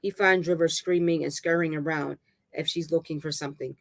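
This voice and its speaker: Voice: mid-range voice, fairly even intonation, gravelly, a bit bright. A reader narrating a dramatic novel aloud, stumbling and restarting words now and then. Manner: halting reading with restarts and stumbles.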